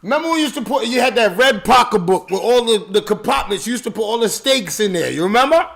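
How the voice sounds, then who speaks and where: A man in casual chat, telling animated, loud stories with lots of laughter. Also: sits high, quick pace, vocal fry.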